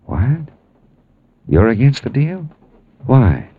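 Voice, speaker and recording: Philip Marlowe, wry private eye. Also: male voice, medium pitch, huge pitch swings, takes it slowly, breathy edge, heavily acted. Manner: wry, clipped, sardonic. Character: hard-boiled male private detective, wry and tough. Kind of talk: 1940s radio acting. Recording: dull old radio broadcast with music.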